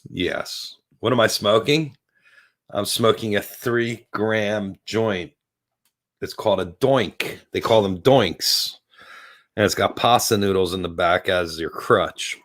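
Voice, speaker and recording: A man in his fifties hosting a casual live stream from a porch, rambling and giggling while very high. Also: fairly bright tone. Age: 50s. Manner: rambling, giggly, stoned and slowing down. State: very high on cannabis. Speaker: livestream host. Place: outdoor porch.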